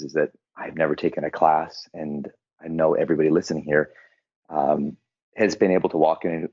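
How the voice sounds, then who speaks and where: Male guest panelist, very deep and relaxed, rambling slang, dull lo-fi mic. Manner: laid-back, rambling, casual slang. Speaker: podcast panelist. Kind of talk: casual podcast chat.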